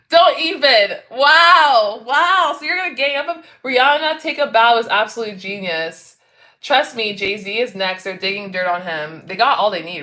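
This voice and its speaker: A woman from Canada talks casually on a livestream, reacting to viewers' comments one after another. Her voice is bright and sharp at a middle pitch. She keeps the chat loose and laughs readily.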